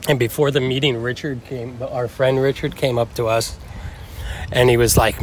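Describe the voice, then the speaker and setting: A man's voice: mid-range voice, moderate pace, slight background noise. Laid-back man with a slight cough. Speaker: podcast co-host. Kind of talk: casual chat.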